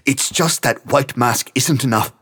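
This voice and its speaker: A man's voice: fairly low pitch, expressive, unhurried, fairly bright tone, breathy edge, full character voice. A man voicing a volatile young male musician who talks in a raised, agitated, intense way.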